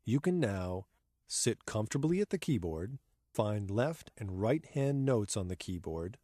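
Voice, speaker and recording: Man narrating a measured music lesson, dry. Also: lowish voice, lively intonation, mellow, no room sound. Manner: measured, clear, counts beats rhythmically aloud. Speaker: keyboard instructor. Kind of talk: scripted instructional narration.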